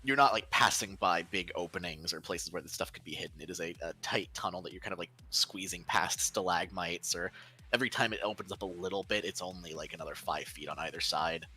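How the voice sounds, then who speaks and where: Man, deep voice, bright tone, game master narration, rambling fillers, headset mic. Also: a little fast, breathy edge, soft background music. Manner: loose, descriptive narration with many fillers.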